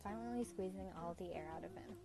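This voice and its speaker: A woman's voice: mid-range voice, sing-song, fast. Playful young woman reading a game. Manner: playful, laughs and chats to viewers between lines. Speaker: streamer reading a game aloud. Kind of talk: game narration with live commentary. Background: background music.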